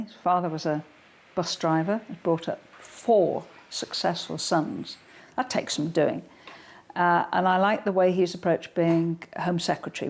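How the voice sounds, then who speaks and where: A woman's voice: lowish voice, darkish tone. An older woman being interviewed at home, talking in a forthright, blunt, straight-talking manner. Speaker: guest. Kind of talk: political interview.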